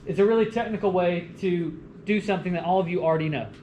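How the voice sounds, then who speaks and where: Male college lecturer, animated and jokey, roomy classroom sound with faint hum. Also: high voice, quick pace, muffled recording. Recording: echoey classroom with faint room noise.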